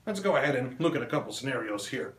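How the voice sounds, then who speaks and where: A man performs a crude stand-up set, firing off deadpan one-liners. His voice is bright and forceful at an ordinary pitch. The sound is roomy and echoey, with a faint ambient hum behind him. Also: quick pace. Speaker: stand-up comedian. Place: small club stage.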